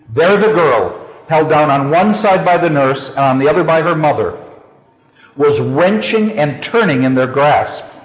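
A man lectures on a story, reading passages and then explaining them in a slow, deliberate way. His voice sits a little high. The recording is dull and lo-fi, with a long echo from a large hall. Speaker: literature teacher. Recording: echoey hall, dull lo-fi sound.

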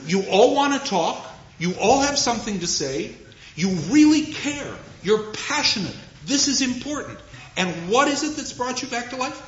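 A man's voice: extremely high pitch, moderate pace. A man lecturing on literature, telling a classroom story and acting out his students. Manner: animated storyteller, acts out students. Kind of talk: lecture with anecdote. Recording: echoey lecture hall, dull noisy audio.

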